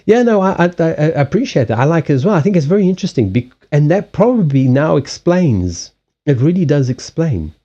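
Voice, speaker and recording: A man with a Southern African accent, a native Portuguese speaker, hosting a casual livestream chat, animated and freely swearing. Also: on the high side, brisk, highs cut off. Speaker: card reader and livestream host. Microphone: USB headset mic.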